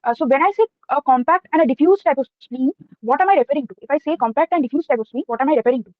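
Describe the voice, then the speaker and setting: A woman's voice: high-pitched, rapid-fire, no echo. A young woman with an Indian accent asking quiz questions, patient and encouraging, repeating questions when needed, heard over a call. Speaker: quiz questioner, medical student. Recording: tinny dry call line.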